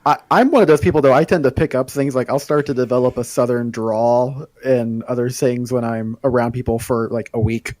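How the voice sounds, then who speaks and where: A man's voice: medium pitch, fairly quick, hardly any pauses, no echo, poor audio. A man from Washington State with a neutral American accent, reasoning steadily in a casual podcast chat. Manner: steady reasoning, many "I mean"s. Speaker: podcast co-host.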